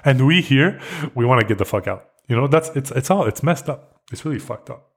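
A man's voice: mid-range voice, lively intonation, brisk, breathy edge. A young man from Quebec, hosting a podcast and delivering an angry, profanity-laced solo rant full of restarts and repetition. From Quebec, Canada. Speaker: podcast host.

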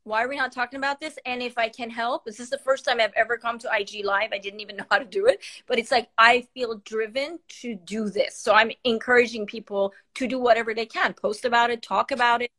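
Fairly high and steady, her voice runs a little fast with hardly any pauses and a sharp tone. She's an Iranian palliative care physician and podcaster, a guest in an emotional live stream, fighting back tears as she talks with passion and earnestness, full of fillers and restarts.

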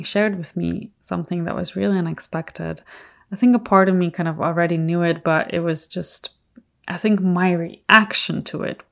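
Creaky-voiced woman telling a heartfelt story. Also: fairly low pitch. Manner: earnest, reflective, soft-spoken storytelling. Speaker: podcast host. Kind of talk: personal storytelling podcast.

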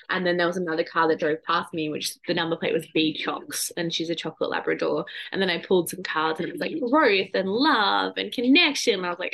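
A woman's voice: on the low side, fairly quick, gravelly, a bit bright. A woman, hosting a podcast in a chatty, digressive way and swearing casually. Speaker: podcast host and psychic medium. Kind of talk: casual solo podcast talk.

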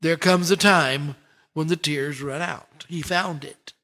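A male pastor preaching a sermon, lingering on words with dramatic pauses and rising swells. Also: fairly high pitch, steady tone, sharp tone.

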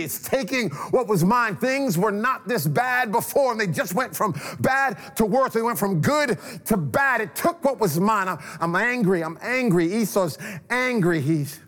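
A man preaching a sermon, telling a scripture story dramatically and swinging between loud passages and hushed ones. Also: high voice. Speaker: pastor.

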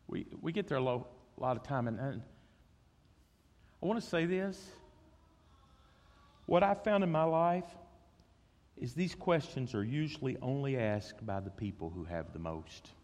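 A man's voice: sits high, big pitch swings, normal speed, fairly bright tone. A man preaching a sermon, acting out voices and repeating words as he goes. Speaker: pastor. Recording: long reverb of a church hall.

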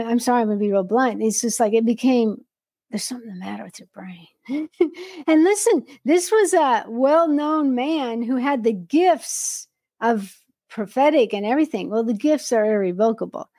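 A woman hosting an interview, talking animatedly and bluntly, with quick jumps in pitch. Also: lively intonation, warm tone, dry recording, studio quality. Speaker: podcast host. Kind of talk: casual interview chat.

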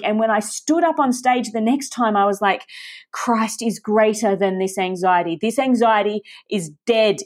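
A woman preaching a sermon, speaking with passion and emphasis and addressing her listeners directly. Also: on the high side.

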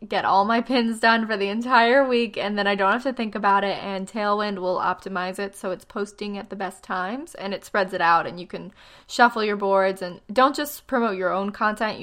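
A woman in her twenties giving blogging tips in a casual vlog, chatty and self-deprecating, with lots of fillers and quick asides, a little tired. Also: medium pitch, fairly bright tone. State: tired, yawning.

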